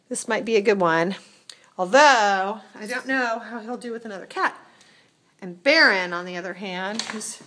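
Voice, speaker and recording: A woman's voice: mid-range voice, fairly bright tone. A woman filming her foster cats at home on her phone, chatting along and cooing baby talk at them. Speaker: cat foster carer. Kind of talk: casual phone video with pets. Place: home indoors. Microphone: phone held in hand.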